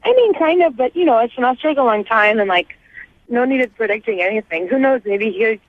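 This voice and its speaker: A woman's voice: on the high side, lively intonation, fairly quick, no echo. A woman calling into a radio show, chatting and gushing about a date. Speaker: caller. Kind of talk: phone-in chat. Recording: dull phone line.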